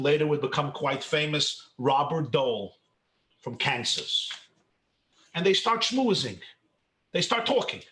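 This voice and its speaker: A man's voice: fairly high pitch, fairly bright tone, reverberant. A man from New York, a rabbi, telling a story in a lecture with rhetorical questions and chuckles at his own jokes.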